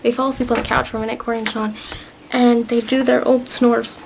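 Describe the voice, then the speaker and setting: A woman's voice: on the high side, level tone, a little fast, creaky, slight background noise, low-quality recording. A young woman vlogger casually recapping a TV season, rambling and gushing as she retells scenes.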